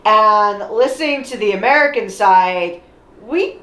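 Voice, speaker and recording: High lively woman co-hosting, wry, lots of pitch movement, echoey. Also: a little slow, slight background noise. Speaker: podcast co-host. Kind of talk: casual chat.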